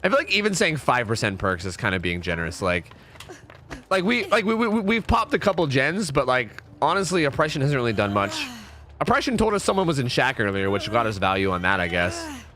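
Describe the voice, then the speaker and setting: A young man giving casual, jokey commentary while streaming a horror game, chatting and breaking into sudden high exclamations. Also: wildly swooping pitch, brisk, a bit bright, a little hiss or hum.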